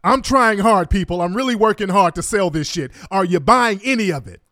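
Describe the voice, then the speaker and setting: A man's voice: sits high, animated, a little fast, sharp tone, no room sound, clean studio sound, voice pushed up. A man putting on a mocking voice of a young man on trial, pleading with the room to believe him.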